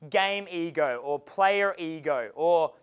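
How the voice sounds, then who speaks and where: Australian male coach, high voice, animated, profane seminar delivery, acts out dialogue. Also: slow pace, clear, resonant tone. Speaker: dating coach giving a seminar. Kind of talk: live seminar talk. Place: seminar room with an audience.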